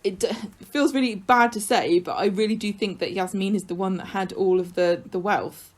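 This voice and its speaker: A woman's voice: medium pitch, normal speed. A woman co-hosting a podcast, casually giving her opinions on soap scenes. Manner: opinionated, comments on what the scenes mean. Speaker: podcast co-host. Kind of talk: casual chat recapping a soap.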